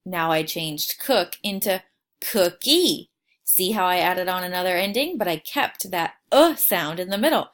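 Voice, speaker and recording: A woman teaching a phonics lesson to young children, slowly sounding out words and asking them to repeat. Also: lowish voice, big pitch swings. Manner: slow, exaggerated sounding out of words.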